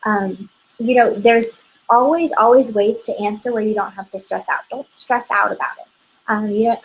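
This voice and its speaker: A woman's voice: a little high, fairly even intonation, moderate pace, slightly rough, poor audio. A woman giving an upbeat, chatty motivational training talk to her sales team, often checking in with "okay?".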